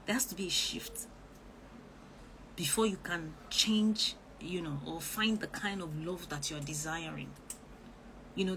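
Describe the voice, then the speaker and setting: A woman coach talks on a live stream, earnest and preachy, with sudden animated bursts. Her voice sits low in pitch, and steady background noise runs under the audio. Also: poor audio. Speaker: relationship coach. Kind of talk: live-stream chat reading comments.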